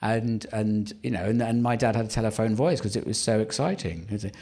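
A man's voice: on the low side, brisk, mellow. A man in his fifties with a home counties English accent, a stand-up comedian telling wry, rambling anecdotes in a live interview, often restarting his sentences. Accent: English, Surrey home counties. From England. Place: theatre stage before a live audience.

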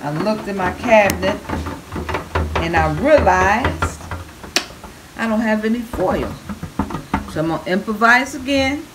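A playful woman walks viewers through her cooking in an unhurried, drawn-out way. Her voice sits in a middle pitch. The home kitchen recording carries a steady hiss behind her. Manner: playful, drawn-out "oh yeah"s, calls viewers babies. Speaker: cooking vlogger. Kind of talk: cooking demo with chatter.

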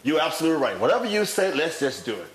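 A man's voice: fairly high pitch, very animated, racing, reverberant. A man arguing heatedly in a shared house, taunting and cursing, repeating his challenges. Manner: taunting, profane, repeats himself. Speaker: reality show housemate. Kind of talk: heated argument. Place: large room in a house.

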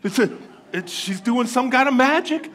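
A man's voice: very high-pitched, normal speed. A man from Florida preaching a sermon as pastor, telling jokey childhood stories with lots of energy. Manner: animated, joking storyteller. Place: church.

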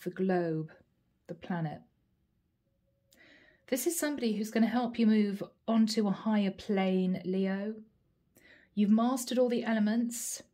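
A woman giving a channeled tarot reading, earnest and emotional, with frequent soft exclamations. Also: medium pitch. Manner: earnest, repetitive spiritual phrasing. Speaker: tarot reader.

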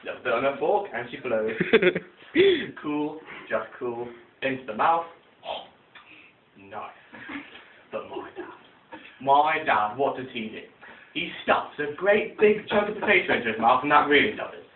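A man performing comic poems with animated storytelling and sound effects, recorded tinny and distant in an echoey room. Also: medium pitch, moderate pace, long pauses, slight background noise. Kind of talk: comic poem recitation.

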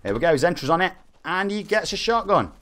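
A man's voice: high voice, sing-song, a little fast, fairly bright tone, a little hiss or hum. A man in his forties with a Nottingham accent, chatting and bantering while streaming a game live. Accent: Nottingham English. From England. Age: 40s. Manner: chatty, reads chat aloud, jokey banter.

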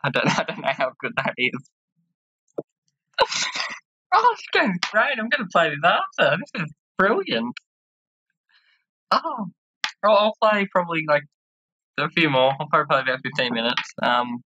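Bright-voiced giggly woman playing a game. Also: deep voice, very animated, normal speed, long pauses. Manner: chatty, giggly, tries playful voices for characters. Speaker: let's-play host. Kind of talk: casual gameplay commentary, reading dialogue aloud. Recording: slightly dull lo-fi sound.

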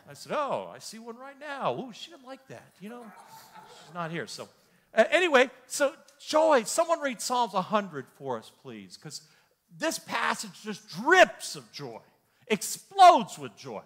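A man pastor teaching a Bible study in an animated, joking way, with frequent exclamations and repeated words. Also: high-pitched, a little slow. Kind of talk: lively sermon-style teaching. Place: church hall.

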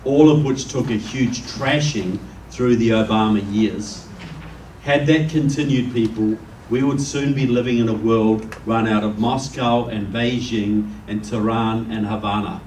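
A New Zealand-accented man addresses a roomful of people, easing in with jokes before turning earnest. His voice sits at an ordinary middle pitch, caught from a distance so it rings around the room. A faint hum of ambience lies underneath. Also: steady tone, unhurried, a little mellow. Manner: conversational storyteller, jokes with the crowd. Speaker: guest speaker. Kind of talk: public speech to a live audience. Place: meeting room with an audience. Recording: echoey room, distant mic.

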